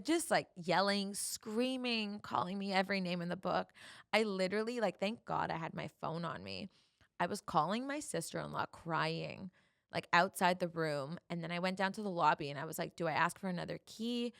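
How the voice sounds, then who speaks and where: A young woman with a gravelly, fry-laden voice, chatting through a personal story as a podcast host. She talks animatedly and slips into the voices of the people in her story. The sound is close and dry, with no room around it. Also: medium pitch, moderate pace, a bit bright, dry recording.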